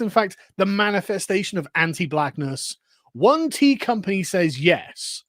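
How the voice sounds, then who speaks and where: A man delivering sarcastic online commentary in a played clip, firing off rhetorical questions. His voice sits high for a man. The recording is dry and close. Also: animated, normal speed, fairly bright tone, no echo.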